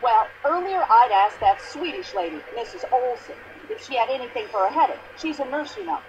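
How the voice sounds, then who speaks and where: An actress playing a pushy, indignant older American widow in a mystery video game, complaining at length in a shrill voice. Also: female voice, animated, a little fast, highs cut off, a little hiss or hum. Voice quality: shrill, complaining, long-winded.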